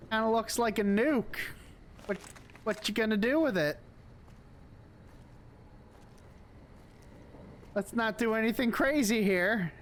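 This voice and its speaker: A man putting on a gruff voice for a tough courier while voicing a game on a stream. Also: sits high, slight background noise, pitched above the performer's own voice. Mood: wary. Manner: gruff, clipped delivery.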